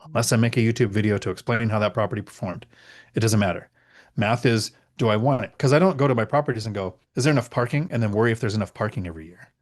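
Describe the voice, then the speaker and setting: Low-voiced man hosting a casual Q&A. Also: fast. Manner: reads viewer questions aloud, then answers frankly with emphatic repetition. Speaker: host. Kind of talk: casual live Q&A chat.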